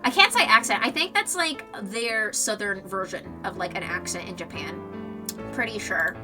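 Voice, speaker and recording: A woman's voice: medium pitch, expressive, moderate pace. A young woman in her twenties streaming, reading a visual novel aloud with chatty, rambling asides. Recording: distant mic, faint music behind.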